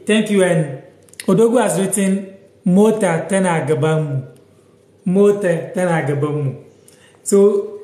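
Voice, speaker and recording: A man with a Ghanaian accent teaches a language on a live stream, in a high voice and at an unhurried pace. He repeats each word slowly and answers viewers' comments as they come in. The sound is echoey, as if the room is bare. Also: darkish tone.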